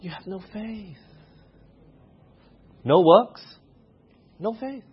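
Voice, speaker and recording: A man's voice: high voice, animated, extremely slow, breathy edge. A man preaching a sermon who keeps putting questions to the congregation. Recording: muffled lo-fi recording.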